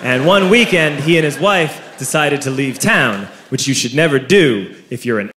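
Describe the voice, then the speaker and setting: A man in his thirties telling a stand-up story to a live audience, animated and shouting his punchlines. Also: mid-range voice, moderate pace. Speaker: stand-up comedian. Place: comedy venue with a live audience. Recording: echoey room, crowd laughter, background noise.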